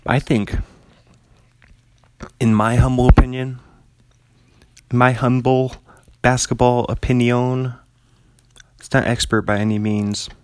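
A man's voice: lowish voice, dry recording. Rambling laid-back male podcast host. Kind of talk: casual solo podcast chat. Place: home apartment.

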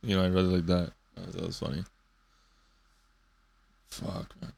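A man's voice: low-pitched, completely flat delivery, moderate pace, creaky, darkish tone. A man in his twenties hosting a solo podcast, rambling loosely and swearing often. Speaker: podcast host.

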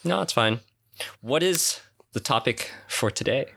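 A man co-hosting a casual chat podcast, teasing his friend and quick to joke. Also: medium pitch, expressive, gravelly, fairly bright tone, husky. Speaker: podcast co-host.

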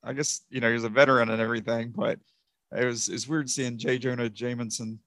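A man co-hosting a casual movie review chat, talking in halting bursts full of fillers and restarts. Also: mid-range voice, level tone, a bit bright, no echo. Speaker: podcast co-host.

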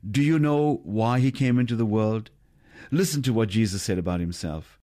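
A man's voice: lowish voice, moderate pace, mellow. A man giving scripted gospel teaching, earnest and putting questions to the listener. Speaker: radio preacher.

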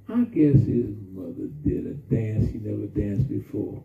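A man preaching a sermon in a call-and-response style, drawing out his emphasis slowly and then rushing through asides. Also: fairly low pitch, fairly even intonation, creaky. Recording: distant, echoey, phone-like sound from far off.

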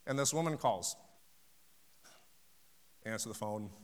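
Speaking in a lowish, expressive, unhurried voice, a preacher delivers a sermon with personal stories of ministry, growing fervent and emphatic at the peaks and playing out phone calls as he narrates.

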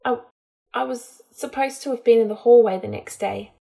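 Woman voicing tearful young witch healer, halting, raw, high voice. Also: gravelly, dark tone. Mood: confessing.

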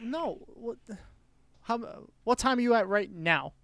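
A man's voice: extremely high pitch, lively intonation, measured pace, vocal fry, a bit bright, no room sound. A man co-hosting a podcast, joking bluntly and swearing freely in casual sports talk. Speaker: podcast co-host.

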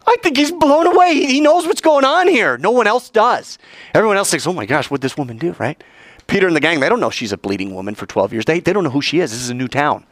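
A male preacher delivering a dramatic sermon, acting out the voices of the story and climbing high in pitch to stress his points. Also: expressive, fairly quick, a bit bright, no echo. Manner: dramatic, acts out voices and soars in pitch for emphasis.

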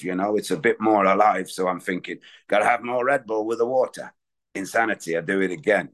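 A man with a deep, slightly bright voice tells his personal story at a recovery meeting, speaking frankly and rambling as he goes.

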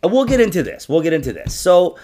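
A man's voice: a little high, fast. A man hosting a podcast in loose, casual chat, swearing freely and getting worked up about sports. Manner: loose, swearing, excitable, laughs often. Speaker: podcast host.

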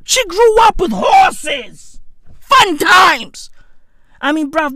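A man's voice: very high voice, fairly bright tone, dry recording, clean studio sound. A young man, ranting in a mocking, exasperated, profane way and calling people "bruv" and "fam". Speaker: commentator. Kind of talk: profane comedic rant.

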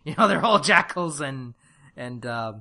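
Brief: upbeat male co-host, bright tone, a touch higher pitch, laughs a lot while chatting. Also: unhurried, vocal fry. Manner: animated, laughs often, restarts words. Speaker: podcast co-host. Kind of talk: casual review chat.

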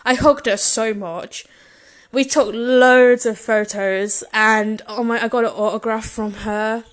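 A woman's voice: a little high, fairly even intonation, slow pace. A young woman tells a personal story in a gushing, emotional way and laughs often.

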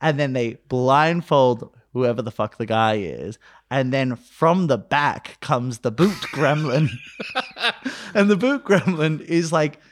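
A man's voice: medium pitch, slow. A man co-hosting a casual podcast chat, telling a story with acted-out quotes and frequent laughter. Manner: animated storyteller, acts out quotes, laughs often. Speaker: podcast co-host.

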